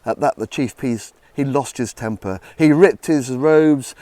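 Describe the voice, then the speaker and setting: A man narrating a Bible story in a dramatic retelling style, dropping to hushed tones. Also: measured pace, no room sound. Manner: dramatic, hushed low passages.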